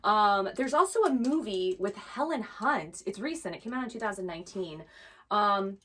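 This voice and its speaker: A woman's voice: mid-range voice, animated, normal speed, fairly bright tone, distant mic. A woman chatting casually and telling rambling stories, a little away from the microphone. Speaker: vintage box co-owner. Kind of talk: casual chat.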